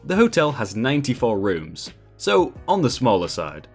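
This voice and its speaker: A man hosting a channel and reading Reddit stories aloud in a lively, conversational way. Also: medium pitch, moderate pace, faint music behind. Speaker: host.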